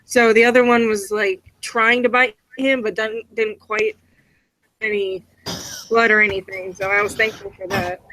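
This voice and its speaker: A woman's voice: medium pitch, little pitch movement, normal speed, sharp tone, low-quality recording. A woman chatting casually with friends while she feeds her pet snake, laughing often. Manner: giggly, chatty. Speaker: host feeding her pet snake on a group call. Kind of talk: casual group chat.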